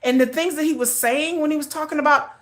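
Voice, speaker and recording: A middle-aged woman hosting a casual livestream, rambling with restarts and repeats in an animated way. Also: high voice, quick pace. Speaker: livestream host.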